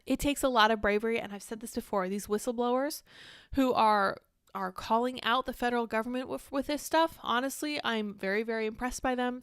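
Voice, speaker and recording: Smooth-voiced sarcastic woman commentator. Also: fairly high pitch, a bit bright, no echo, clean studio sound. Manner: candid, sarcastic, quick to react and digress. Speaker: political commentary host. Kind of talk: casual political commentary, reading news aloud.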